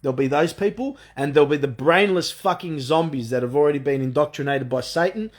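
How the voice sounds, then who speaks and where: A man's voice: fairly high pitch, brisk. A man delivering a frustrated, profane monologue rant full of restarts. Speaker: vlogger. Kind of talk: ranting monologue.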